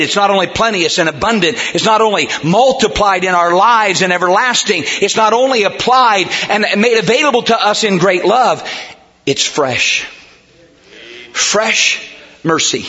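A man preaches a sermon in a church, his voice high and ringing with brightness. He swings from soft, hushed lines to emphatic shouting. The recording is muffled and lo-fi. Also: moderate pace. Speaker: pastor. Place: church sanctuary.

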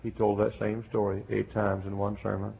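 A man preaching an emphatic revival sermon, bursting into shouts. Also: lowish voice, monotone, moderate pace, vocal fry, breathy edge. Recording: tinny phone-like old sermon recording.

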